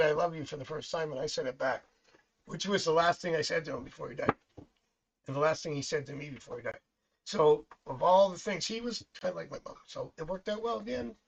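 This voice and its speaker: A man's voice: a little high, gravelly, slight background noise, rough recording. A middle-aged man reading tarot cards on a live stream, chatting casually, rambling through family stories and laughing often. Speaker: psychic tarot reader.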